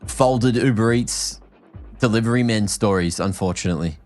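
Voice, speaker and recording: A man's voice: on the low side, moderate pace, darkish tone, faint music behind. A man casting an esports match in a playful, jokey, mock-exasperated way. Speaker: esports caster. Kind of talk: casual co-commentary banter.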